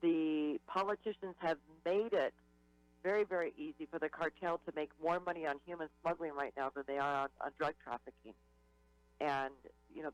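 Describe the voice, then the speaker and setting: A man's voice: high-pitched, no echo, rough recording. A man talking as a radio guest, earnest and emphatic. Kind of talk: talk radio discussion.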